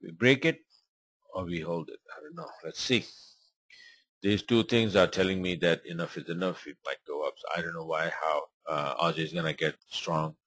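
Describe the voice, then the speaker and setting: This forex webinar host rambles informally through his chart commentary, using plenty of fillers. He speaks at a moderate pace in a low voice that's a bit bright with a breathy edge, and there's no room sound.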